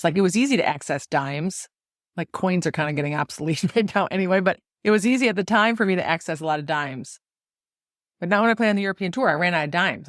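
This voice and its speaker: A middle-aged woman from the United States hosting a solo podcast, telling stories in an animated way and laughing often. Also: lowish voice, no room sound, studio quality. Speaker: podcast host and golf coach.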